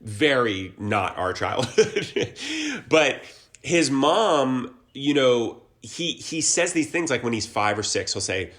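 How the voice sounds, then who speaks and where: A man in his forties, from Ohio, speaks as an interview guest at an ordinary pitch. He sounds earnest and reflective. He trails off and restarts his thoughts as he searches for the right words. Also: very animated, slow, a bit bright. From Columbus, Ohio. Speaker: guest, actor and musician. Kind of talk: casual conversational interview.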